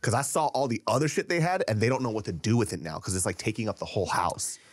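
A man's voice: on the low side, fast talker, no room sound. A man co-hosting a podcast who talks bluntly in casual, profane banter. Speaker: podcast co-host. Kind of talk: casual chat.

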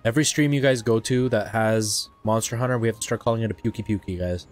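A man's voice: lowish voice, steady tone, fast talker, soft background music. A man from Canada hosting a live let's-play stream, chatting with viewers, reading game text aloud and joking along the way. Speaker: gaming channel host.

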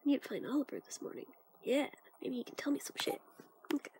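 A woman's voice: high-pitched, sing-song, fast, darkish tone, dry recording, in a whisper. A woman commentating casually as she plays a game, with sarcastic, grumbling asides. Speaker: let's play host.

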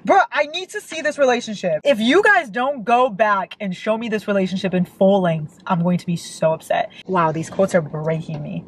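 A woman's voice: medium pitch, normal speed, a little hiss or hum, poor audio. A young woman reading a novel aloud and reacting with emotional outbursts, as a book vlogger.

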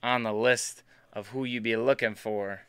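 Upbeat guy ripping card packs on a live stream, bright clear voice, just shooting the breeze with chat. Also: on the low side, steady tone, unhurried, no echo. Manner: chatty, upbeat, banters with chat. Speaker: card break host.

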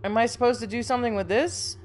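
Slightly high-pitched yet darkish in tone, a young woman talks fast while streaming a horror game, with slight noise in the background. She's jumpy and anxious, swearing frequently and laughing despite her fear, and her nose is a bit sniffly from a recent cold.

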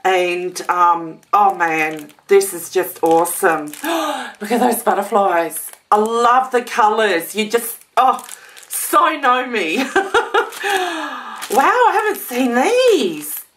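A woman's voice: mid-range voice, expressive, takes it slowly, fairly bright tone, a little hiss or hum. Gushing woman, unboxing gifts. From Australia. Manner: gushing, gasping, many exclamations. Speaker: vlogger. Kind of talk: casual unboxing chat.

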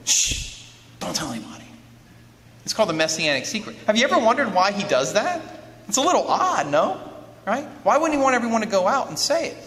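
A man lecturing an audience as an author, lively, asking rhetorical questions and acting out quotes. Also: high-pitched, quick pace. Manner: acts out quoted speech. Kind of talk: lively teaching talk with a handout. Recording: long hall reverb, faint noise.

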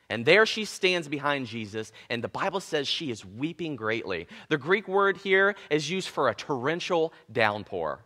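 A man preaching a sermon in a church auditorium, animated and conversational, joking with the congregation. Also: a little high. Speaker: pastor.

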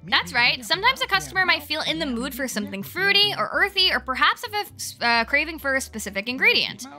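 A woman's voice: high-pitched, big pitch swings, fast, pushed and bright, faint music behind, exaggerated voice. A woman reading game dialogue aloud, voicing a theatrical, genteel male cat who guides a tea house.

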